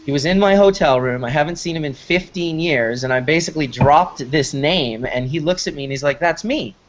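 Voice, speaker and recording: Guy host rambling thru a story, excited, kinda muffled lo-fi sound. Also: a little high, brisk. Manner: rambling, enthusiastic, frequent restarts. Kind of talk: casual storytelling chat. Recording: slightly muffled lo-fi recording.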